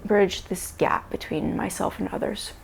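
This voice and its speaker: A woman vlogging a confessional self-talk monologue to camera, halting and searching for words with many restarts. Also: mid-range voice, vocal fry, slight background noise. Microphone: camera mic.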